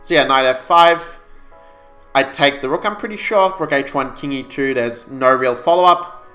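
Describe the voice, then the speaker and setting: A man streaming chess puzzles live, calculating moves out loud and explaining them to his viewers in a casual way. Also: mid-range voice, normal speed, faint music behind.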